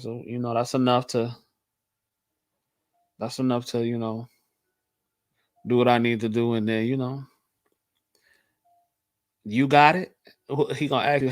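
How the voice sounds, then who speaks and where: A man's voice: medium pitch, steady tone, normal speed, long pauses, no echo. A man from Michigan hosting a casual livestream, talking to his viewers in a laid-back way and repeating his points for emphasis. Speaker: host.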